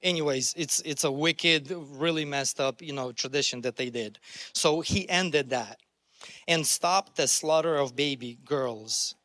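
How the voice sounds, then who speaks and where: A man's voice: on the high side, unhurried, sharp tone, no echo, clean studio sound. A man preaching a sermon in an earnest, conversational way, often restarting his phrases. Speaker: pastor.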